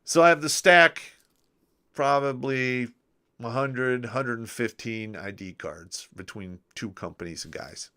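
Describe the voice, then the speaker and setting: Bright, clear-voiced man telling crude army stories. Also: mid-range voice, unhurried. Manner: crude, joking army anecdotes, trailing off at phrase ends. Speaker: livestream host. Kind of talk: casual storytelling and reading chat comments.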